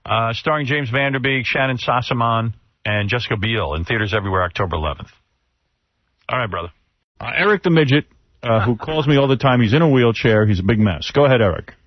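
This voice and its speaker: A brash man hosts a radio talk show, teasing and needling his caller with a lively, swinging delivery. The sound is dry and a little dull, like a studio broadcast. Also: medium pitch, quick pace, dry recording. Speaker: radio host.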